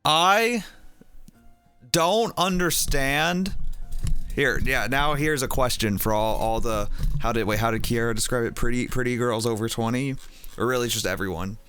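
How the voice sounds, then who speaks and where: A man's voice: mid-range voice, brisk, a bit bright, faint music behind. A man chatting casually on a live stream, rambling with lots of fillers and restarts.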